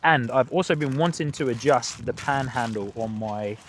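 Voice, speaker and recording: A man's voice: medium pitch, moderate pace, a little hiss or hum. A man hosting a live plane-spotting stream outdoors near a runway. He talks chattily and greets his viewers by name. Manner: chatty, reads out viewer comments and greets chat.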